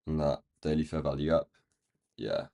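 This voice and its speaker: A man with a croaky, rough-sounding voice, thinking aloud in casual commentary as he marks up trading charts on a live stream. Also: rumbling low, level tone, moderate pace, warm tone. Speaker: day trading livestream host.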